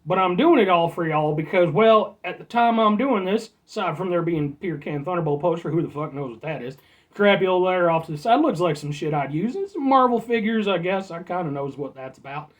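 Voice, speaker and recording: A man's voice: sits high, lively intonation, brisk. Man impersonating a drawling small-town Canadian man with an attempted rural Canadian accent; rambling, folksy comic impression.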